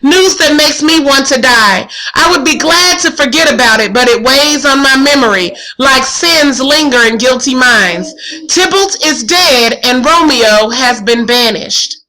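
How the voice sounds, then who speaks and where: A woman's voice: sits high, animated, unhurried, bright, forceful tone, heavily acted, rough recording. A woman reading as a heartbroken young girl. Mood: anguished. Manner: plain read-aloud of a modern prose paraphrase. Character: young lovestruck girl torn by grief. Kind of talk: reading a play aloud in class.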